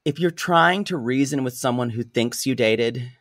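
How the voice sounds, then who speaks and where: A man's voice: medium pitch, moderate pace, fairly bright tone, dry recording, clean studio sound. A man co-hosting a reality TV recap podcast, chatty and wry, calling listeners y'all. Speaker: podcast co-host. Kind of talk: casual recap chat.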